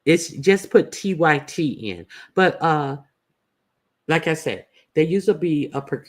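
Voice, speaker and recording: A slightly high-voiced man giving casual opinion commentary to his viewers. He is blunt and swears freely, stopping and restarting with lots of "uh" fillers between his points. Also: expressive. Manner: blunt and profane, halting with many "uh" fillers. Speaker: YouTube commentator host.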